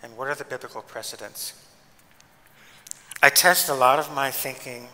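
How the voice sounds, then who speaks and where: A man, a pastor, giving a lecture with stories and acting out what people say in an emphatic, lively way. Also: mid-range voice, normal speed, long reverb tail, poor audio. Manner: animated, emphatic, acts out quoted speech. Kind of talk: lecture with storytelling.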